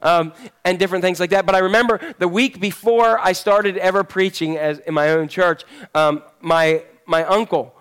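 A man's voice: high voice, fairly even intonation, moderate pace, fairly bright tone, clear, resonant tone. A man preaching a sermon as pastor in a church service, talking in a conversational, joking storytelling manner.

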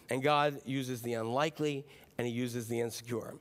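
A man preaching a sermon in a conversational, animated way, dropping his voice to act out quoted lines. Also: medium pitch, fairly quick. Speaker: pastor.

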